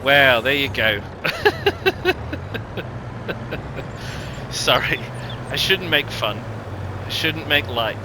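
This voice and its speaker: A man's voice: mid-range voice, a little slow, noisy background. A man giving casual, rambling gameplay commentary, with lots of ums and self-corrections. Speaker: gaming video host.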